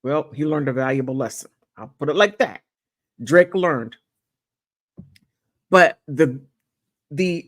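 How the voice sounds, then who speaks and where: A woman hosting a casual commentary monologue, rambling with repeats and chatty asides. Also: sits low. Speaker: channel host.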